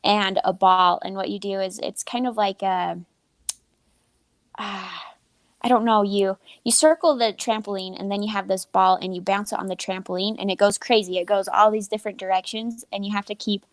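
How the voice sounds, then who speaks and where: A woman coach talks in a relaxed, easygoing way and laughs lightly. Her voice is mid-pitched, and the recording is dry and close. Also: moderate pace, no echo. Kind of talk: casual chat.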